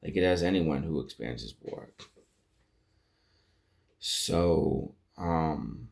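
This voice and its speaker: A man's voice: very deep voice, slow pace, creaky, a little mellow. A man giving a casual, rambling spoken review of a TV episode, retelling scenes and acting out lines. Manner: rambling recap with restarts and acted-out quotes. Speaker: show reviewer. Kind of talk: casual commentary.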